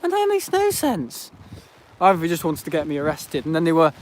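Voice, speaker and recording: This man hosts a casual stream from an airport visitor park, grumbling and rambling with plenty of fillers. His slightly high voice swings hugely in pitch and moves a little fast, over noisy outdoor audio.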